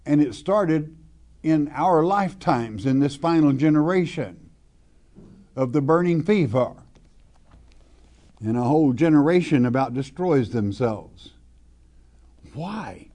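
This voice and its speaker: Male preacher, mellow and slightly high voice, folksy verse-by-verse sermon, slow stressed scripture reading. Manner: reads scripture slowly with stress, then explains plainly; folksy, asks the listener questions.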